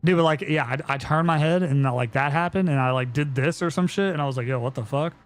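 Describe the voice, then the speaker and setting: A man's voice: on the high side, fast talker, clean tone, no room sound. A young man chatting casually on a live stream, telling a story in a rambling way with lots of fillers and swearing.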